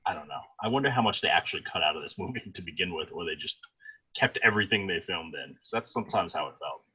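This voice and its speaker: A man's voice: low voice, animated, fast talker, slightly rough, lo-fi sound. A man co-hosting a casual film review podcast who talks animatedly and acts out scenes in quoted voices. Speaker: podcast co-host.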